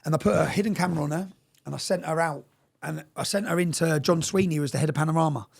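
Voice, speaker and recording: A man with a slightly high, creaky, somewhat rough voice speaks fast as an interview guest. He tells his story emphatically, swearing frequently and checking in with "yeah?" as he goes.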